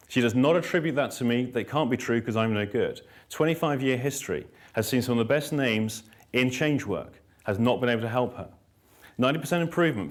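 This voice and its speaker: A man, a therapist and trainer, giving a live workshop talk in an emphatic, blunt way, repeating key lines and telling stories with dry self-mockery. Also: medium pitch.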